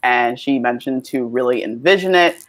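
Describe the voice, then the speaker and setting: A woman co-host in casual podcast chat, enthusiastic and slangy, with quick laughs. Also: a bass voice.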